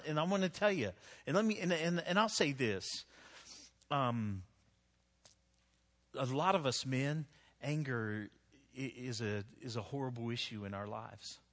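A man's voice: mid-range voice, a bit bright. A middle-aged man preaching a sermon, telling stories about himself in a conversational way with frequent restarts. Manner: conversational, self-deprecating storytelling with frequent restarts. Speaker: pastor. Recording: long echo of a large hall.

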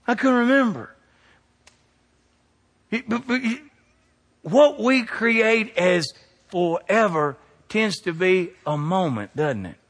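A middle-aged man preaching a sermon, swinging from hushed to loud. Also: on the high side, big-room sound. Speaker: pastor.

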